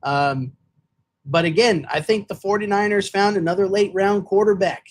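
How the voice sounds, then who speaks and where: A man's voice: high voice, normal speed. A man co-hosting a football podcast, talking in casual chat with lots of fillers and restarts. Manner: rambling, many fillers and restarts. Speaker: podcast co-host.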